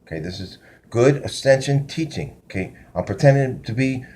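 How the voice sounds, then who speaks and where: Male self-styled spiritual teacher; profane, conspiratorial, meandering delivery with a very lively voice. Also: mid-range voice, normal speed. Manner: loose, digressive delivery with restarts and laughs. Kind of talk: rambling spoken monologue.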